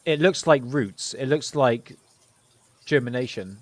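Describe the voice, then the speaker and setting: A man's voice: mid-range voice, measured pace, dry recording. Male streamer, West Country accent, casual self-mocking banter, dry sound. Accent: West Country English. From Southwest England. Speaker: livestream host. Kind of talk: casual livestream chat.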